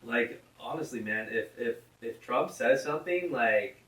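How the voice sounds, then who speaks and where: Casting: bright-voiced man, blunt casual host, recorded off-mic in an echoey room. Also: mid-range voice, expressive, measured pace, far from the mic. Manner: blunt, rambling, swears freely. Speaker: podcast host. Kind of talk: casual chat. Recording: roomy echo, from off-mic.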